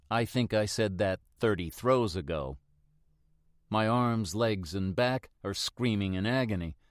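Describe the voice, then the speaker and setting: A man narrating a first-person mystery audiobook in a steady, reflective manner. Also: on the low side, dry recording, clean studio sound.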